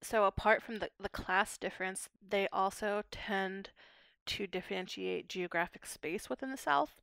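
A woman's voice: medium pitch, moderate pace, creaky, a bit bright, clear, resonant tone, dry recording, clean studio sound. A young woman from Pittsburgh, a linguistics PhD student explaining her research in a podcast interview, articulate and academic. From Pittsburgh, USA. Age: young adult.

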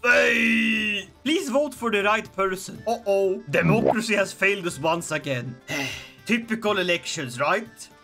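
A high, bouncy male voice that leaps all over the place as he jokes his way through a strategy game. He laughs constantly, and the tone stays bright and sharp. Faint music plays underneath. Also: unhurried, creaky. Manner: excitable and joking, laughing often. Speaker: gaming video creator. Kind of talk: let's play commentary.

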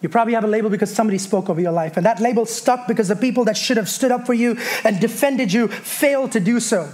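A man with a notably high voice delivers a fervent sermon from a church pulpit. He preaches with passion and keeps calling the congregation to answer him. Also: fast talker, few pauses, a little mellow. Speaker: pastor. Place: church sanctuary.

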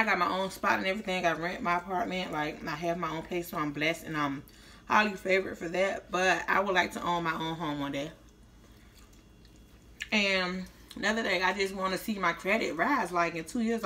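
Her voice is bright though on the low side, as this 30-something vlogger from Tampa, Florida, eats and chats in slang for a casual mukbang. An orthodontist visit has left her speech a little slurred.

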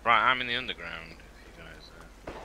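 A man's voice: on the low side, brisk, background noise. A man playing a co-op zombie game with friends, swearing freely and telling stories in casual chat. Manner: swears freely, tells stories with a lively rise and fall. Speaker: gamer. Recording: voice chat over loud game sounds.

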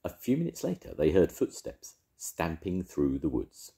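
An older man reading a children's story aloud with gentle, expressive storytelling. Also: rumbling low, moderate pace, gravelly.

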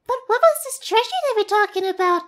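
A woman's voice: expressive, fast talker. A woman voicing a tiny, chirpy fairy companion girl who talks about herself by name, in a game. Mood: puzzled. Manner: chatty, squeaky, refers to herself by name.

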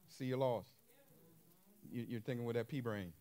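A man's voice: medium pitch, normal speed, dark tone. A man preaching a sermon in loose, colloquial speech, firing emphatic rhetorical questions at his congregation.

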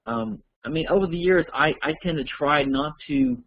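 A man's voice: on the high side, moderate pace, breathy edge, muffled recording. A man teaching an online course, answering listener questions in a rambling, conversational way as he thinks aloud.

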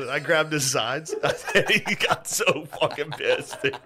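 A man's voice: medium pitch, normal speed, bright, forceful tone. A man hosting a casual podcast chat, telling family stories through frequent laughter and mimicking his dad. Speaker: podcast host.

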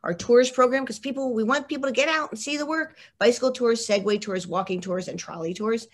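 A woman's voice: on the high side, brisk. A woman leading a mural arts program, giving an enthusiastic slide presentation full of "like" and emphatic asides. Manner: effusive, lots of "like", emphatic. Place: online talk.

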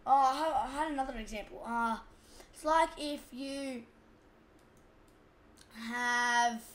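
A woman with an Australian accent and a high voice talks through her gameplay in a loose, chatty commentary. She rambles and drifts off topic easily. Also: slow, fairly bright tone. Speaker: gaming channel host.

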